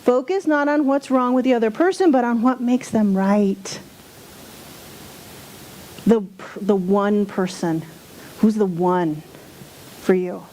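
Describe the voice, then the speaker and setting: A woman's voice: mid-range voice, slow, long pauses, mellow. A woman giving a sermon as a spiritual speaker, candid and self-deprecating, sometimes mocking her own angry outbursts.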